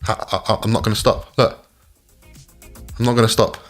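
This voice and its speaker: An excitable man hosting a live stream and walking through trading charts. He keeps repeating "look" and laughs often. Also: fairly low pitch, normal speed. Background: faint backing music.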